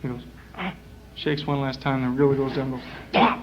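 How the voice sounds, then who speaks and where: On a muffled 1960s live recording, a man with a medium-pitched, fairly quick voice tells a long, rambling joke from a club stage. His delivery is casual and drawling, full of filler words, like a performer working the room.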